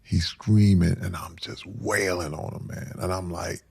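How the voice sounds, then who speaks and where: A man in his forties telling a painful personal story in rough, casual speech that builds to loud intensity. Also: low-pitched, steady tone, unhurried.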